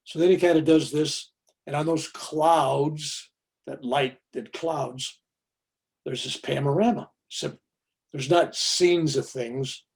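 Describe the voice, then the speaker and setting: Gravelly older man telling a story. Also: fairly high pitch, slow. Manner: animated, chatty, says "you know" often. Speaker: podcast guest.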